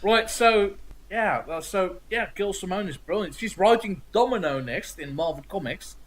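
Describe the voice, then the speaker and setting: A man co-hosting a casual chat over a video call, rambling excitably about comics and swearing freely. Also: high-pitched, moderate pace, a little hiss or hum. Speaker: podcast co-host.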